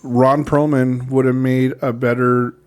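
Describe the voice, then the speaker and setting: A man talking casually as a podcast guest, pausing often with fillers as he searches for words. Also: mid-range voice, little pitch movement, darkish tone, smooth. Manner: hesitant, many filler pauses. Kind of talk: casual chat. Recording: faint background noise.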